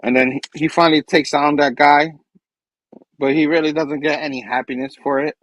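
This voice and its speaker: A man's voice: on the high side, fairly even intonation, a little fast, fairly bright tone, dry recording, rough recording. A man hosting a casual comic book review chat, enthusiastic and rambling. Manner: enthusiastic, rambling, acts out characters' lines. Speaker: host.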